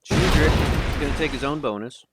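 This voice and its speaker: A man's voice: a little high, moderate pace. Man casting a live game stream. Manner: casual, chatty, stumbles over names. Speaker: tournament caster. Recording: loud background noise.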